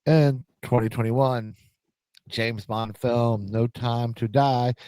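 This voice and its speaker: A man's voice: mid-range voice, steady tone, dark tone, no room sound. A man co-hosting a podcast in casual chat, talking hesitantly. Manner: hesitant, halting.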